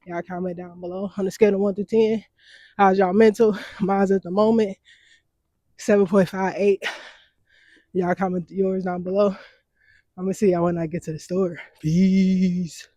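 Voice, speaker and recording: A woman's voice: mid-range voice, little pitch movement, normal speed, long pauses, warm tone, dry recording. A young woman vlogging while she walks, chatting easygoing with her viewers, laughing often and calling them y'all. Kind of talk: casual vlog chat to viewers. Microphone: wearing mics while walking.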